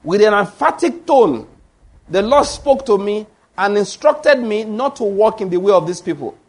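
A male preacher delivers a sermon in a high voice. He presses each point hard and keeps turning to the congregation with questions. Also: lively intonation, normal speed. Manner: emphatic, with rhetorical questions to the congregation.

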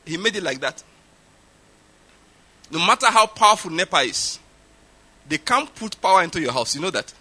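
A man's voice: sits high, animated, moderate pace, long pauses, pushed and bright, breathy edge. A middle-aged man with a Nigerian accent preaching a sermon, stressing his points and repeating them for emphasis. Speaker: pastor.

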